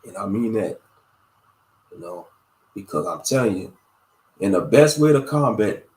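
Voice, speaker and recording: A man's voice: lowish voice, roomy sound, poor audio. A man hosting a casual religious livestream, talking to his viewers in a meandering, preachy way with lots of fillers. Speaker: livestream host.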